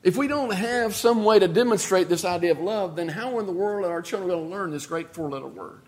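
A man preaching a sermon, telling a story with sudden shifts between loud and quiet and repeating key phrases for emphasis. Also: high voice, fairly quick. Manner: storytelling with dramatic swings in loudness and pace.

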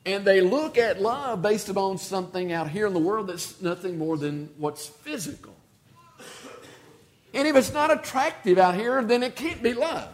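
A man preaching a sermon, telling a story with sudden shifts between loud and quiet and repeating key phrases for emphasis. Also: high-pitched, lively intonation, normal speed. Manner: storytelling with dramatic swings in loudness and pace.

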